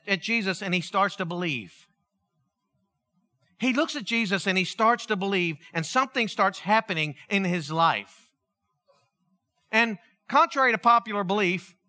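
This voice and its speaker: A man's voice: high-pitched, sharp tone. A male pastor preaching a conversational sermon, acting out dialogue as he tells the story.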